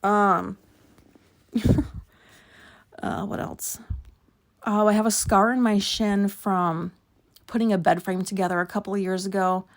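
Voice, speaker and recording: Woman host, mid-pitched, tells rambling personal anecdotes, cusses often, self-mocking laughs. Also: flat delivery, measured pace, pauses often. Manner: rambling and candid, swears a lot, laughs at herself. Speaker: podcast host. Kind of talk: casual personal storytelling.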